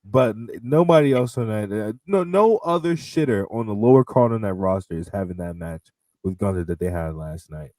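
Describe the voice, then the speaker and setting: A man's voice: fairly low pitch, expressive, normal speed, warm tone, no room sound, studio quality. A man co-hosting a wrestling podcast, teasing his co-host with slangy interjections. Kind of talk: casual banter.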